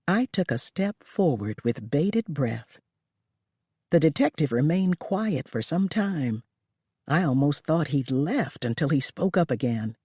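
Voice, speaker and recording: An audiobook narrator reading a first-person thriller in a measured storytelling way. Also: medium pitch, expressive, darkish tone, slightly rough, dry recording. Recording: dry close recording.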